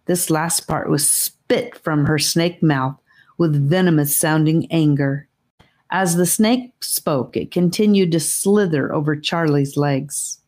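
A woman reading a fantasy audiobook aloud in a calm, measured storytelling manner. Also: sits low. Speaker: audiobook narrator. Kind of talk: audiobook narration.

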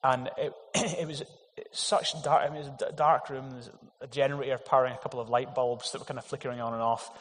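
A man's voice: mid-range voice, level tone, fast talker, hardly any pauses. Earnest preaching man in echoing hall. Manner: earnest, emphatic preaching with rhetorical questions. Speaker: pastor. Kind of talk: sermon. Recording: long hall reverb.

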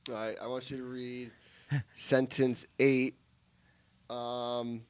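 A man's voice: medium pitch, level tone, takes it slowly, clear, resonant tone. Man giving brief casual prompts. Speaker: quiz giver. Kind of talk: casual chat.

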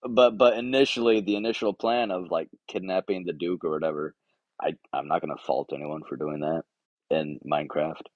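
A man's voice: deep voice, steady tone, brisk, dry recording, lo-fi sound. A man co-hosting a podcast, joking in an irreverent, casual way. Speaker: podcast co-host. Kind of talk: casual chat.

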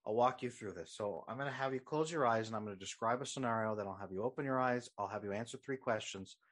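A man's voice: on the low side, fast talker, a bit bright. A man talking as a relationship coach, explaining earnestly and walking his listener through a guided exercise. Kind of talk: casual chat, guided visualization.

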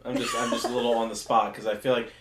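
A young man with a Jersey-Philly accent chats casually as a podcast co-host. He talks haltingly, breaking off and starting over mid-thought. The recording carries a roomy echo. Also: medium pitch, level tone, background noise. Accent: Jersey/Philadelphia. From northeastern United States. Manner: hesitant, trails off and restarts often.

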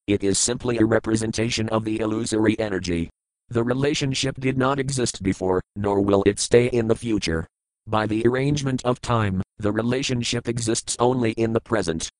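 A man reading scripture verses aloud, giving each word's meaning and then the translation in a measured, deliberate recitation. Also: mid-range voice, dry recording, poor audio. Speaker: scripture reader.

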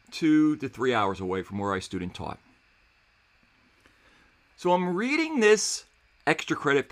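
A man who teaches seventh grade history, telling a story in a casual, animated way and acting out the dialogue. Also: medium pitch, smooth. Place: New Jersey.

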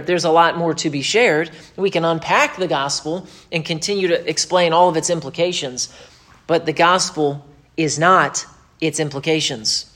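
Emphatic preaching man, slightly high voice. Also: a bit bright. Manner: emphatic preaching with quick asides and mocking quoted voices. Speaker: pastor. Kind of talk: sermon.

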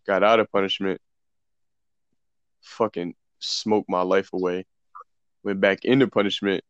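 A man's voice: low voice, a little slow, clear, resonant tone, dry recording. A young man casually telling a profane story among friends, acting out the dialogue. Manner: loose, profane, animated retelling with quoted dialogue. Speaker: podcast co-host. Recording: dull, dry lo-fi sound.

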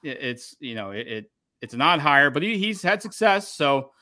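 A man hosting a podcast, giving opinionated, animated takes in casual chat. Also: fairly high pitch, moderate pace, no room sound, studio quality. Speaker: podcast host.

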